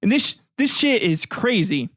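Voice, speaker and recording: A man's voice: sits high, very animated, unhurried, fairly bright tone, dry recording, clean studio sound. A man hosting a casual comedy history podcast, rambling and swearing, laughing often as he retells events. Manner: profane, rambling, laughs often, acts out voices. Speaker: podcast host.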